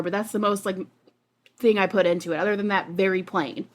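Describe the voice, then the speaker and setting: A woman's voice: medium pitch, steady tone, a little fast. A woman as a player in a tabletop game, talking casually and hesitantly with a self-deprecating manner. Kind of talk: tabletop role-play chat.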